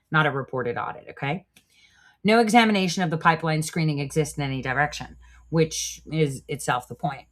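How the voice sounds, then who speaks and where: A woman's voice: low voice, fairly bright tone. A woman hosting a live stream, giving blunt, profane commentary and talking back to her chat. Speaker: show host.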